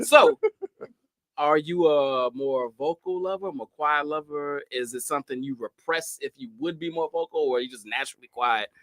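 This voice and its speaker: A man's voice: a little high, moderate pace, fairly bright tone. A man hosting a casual podcast chat, asking long rambling questions and laughing often. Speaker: podcast host.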